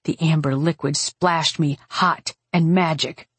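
A woman narrates a first-person fantasy audiobook with intense, dramatic delivery. Her voice sits a little low and a touch husky, and the pace is unhurried. The recording is close and dry. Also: fairly even intonation, dry recording. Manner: intense, dramatic reading with cries in character.

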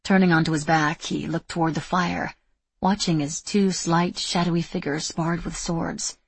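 A woman reads a novel aloud at a steady, even pace. Her voice sits low and has a husky edge. The recording is dry and close, with no room sound. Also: normal speed, no room sound. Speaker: audiobook narrator. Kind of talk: scripted narration.

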